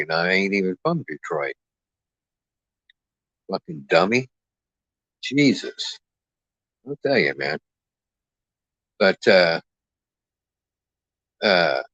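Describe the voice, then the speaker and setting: A man's voice: low voice, a bit bright, no room sound. A man hosting a livestream, trash-talking a caller in a brash, profane, mocking way. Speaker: livestream host. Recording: dull lo-fi dry mic sound.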